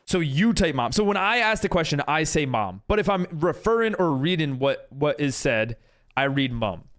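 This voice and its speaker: Lively high-voiced American man streaming. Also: moderate pace. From United States. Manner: chatty, reads and answers chat while building. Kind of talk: casual live-stream chat.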